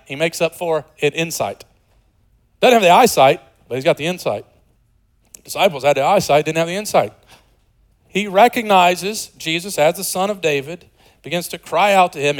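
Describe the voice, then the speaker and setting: A man in his forties preaching a sermon, shifting from loud and excited to soft and hushed, with conversational, joking asides. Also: fairly high pitch, poor audio. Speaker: pastor.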